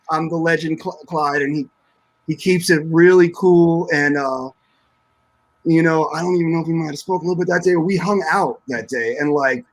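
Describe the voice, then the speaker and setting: A man's voice: fairly high pitch, rough recording. A man speaking as a guest drummer in a casual panel chat, emotional and searching for words.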